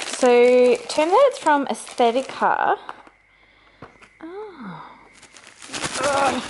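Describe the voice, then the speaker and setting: A young Australian woman vlogging casually to a handheld camera, gushing and excitable, laughing often. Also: a little high, extremely slow, long pauses, background noise. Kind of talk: casual vlog chat to camera. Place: car, then home.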